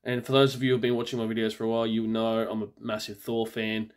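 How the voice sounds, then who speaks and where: A man's voice: fairly low pitch, monotone, fast. A man casually reviewing an action figure, chatty and keen, with frequent fillers and restarts, recorded on a phone camera. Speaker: toy reviewer.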